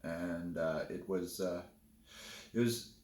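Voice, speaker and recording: A man's voice: sits low, slow, darkish tone, echoey room. A man telling a candid personal story in a casual, rambling way, often restarting his sentences. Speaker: vlogger.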